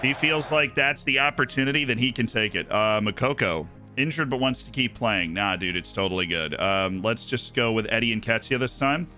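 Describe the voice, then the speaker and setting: A young man streaming himself playing a football management game, muttering asides and then shouting with delight when his team scores. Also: medium pitch, moderate pace, soft background music. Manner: excitable, swings from mumbled asides to shouting at goals. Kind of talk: live gameplay commentary.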